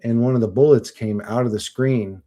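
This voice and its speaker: A man's voice: medium pitch, normal speed, mellow. A man on a livestream, reading chat comments and answering them in blunt, profane, rambling talk.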